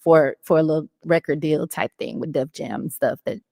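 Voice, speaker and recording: A woman's voice: low-pitched, normal speed, creaky, no echo, studio quality, big-room sound. A woman in her thirties, a podcast guest, telling her personal story in casual speech and acting out the voices of the people in it. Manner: animated storytelling, acts out quoted voices. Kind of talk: casual testimony.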